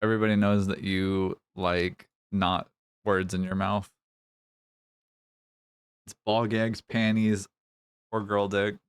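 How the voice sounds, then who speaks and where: Slow, low-voiced male streamer. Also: little pitch movement, clear, resonant tone, no echo. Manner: teasing, banters with and reads out chat. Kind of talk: casual live-stream chat while gaming.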